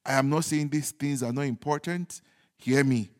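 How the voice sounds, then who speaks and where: A man preaching a sermon as pastor, repeating his points emphatically and moving between loud declarations and hushed, joking asides. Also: medium pitch, moderate pace. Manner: humorous asides with chuckles. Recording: long hall reverb.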